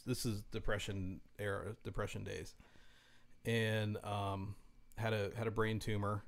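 A man with a low, flat, even voice co-hosts a casual talk podcast. He explains things haltingly and often restarts his sentences. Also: gravelly. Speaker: podcast co-host. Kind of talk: casual chat.

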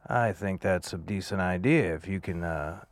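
A man in a tabletop role-play playing a calm dealer who negotiates in a measured, reasonable way. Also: sits low, no echo. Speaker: player voicing a calm dealer.

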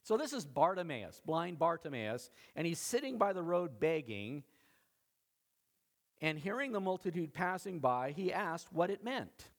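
A male pastor preaching a sermon with animated, dramatic storytelling, acting out the quotes. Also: fairly high pitch, a little slow.

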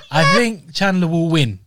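A man's voice: fairly high pitch, fairly bright tone, no echo. A man with a British accent co-hosting a fight podcast in casual chat, full of fillers. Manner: chatty, lots of fillers and "you know what I mean". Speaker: podcast co-host.

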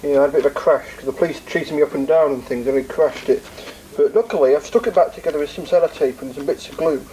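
A man's voice: fairly high pitch, rapid-fire, dark tone, slight background noise, natural voice, poor audio. Man doing a bumbling, apologetic car thief. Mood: sheepish. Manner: rambling, hesitant.

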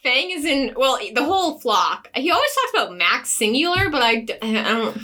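A woman's voice: high voice, big pitch swings, normal speed, pushed and bright. A young woman casually recapping a book on a podcast, chatty and sarcastic, laughing often. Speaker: podcast co-host.

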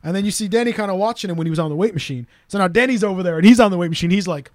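A man telling stories in a casual, animated way as a podcast co-host, now and then doing quick voices of the people he quotes. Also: sits high, dry recording, studio quality. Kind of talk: casual storytelling chat.

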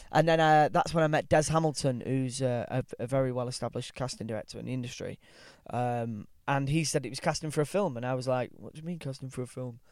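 A man's voice: mid-range voice, fairly quick, few pauses, darkish tone, clean tone, dry recording. Rambling young Englishman, dry sound. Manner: rambling, full of ums and restarts, laughs easily; swears casually. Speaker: guest actor. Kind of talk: casual chat.

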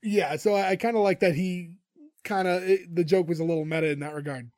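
A man recaps a TV episode in casual podcast chat, his voice sitting high for a man. He tells the story animatedly and laughs often. The sound is dry and close. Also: fairly even intonation, fairly quick, darkish tone, no room sound.

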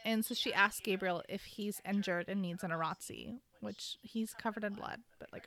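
A woman's voice: mid-range voice, moderate pace, few pauses, a bit bright. A woman casually recapping a book on a podcast, playfully acting out characters' lines with sarcasm and the odd swear word. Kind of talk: casual chat.

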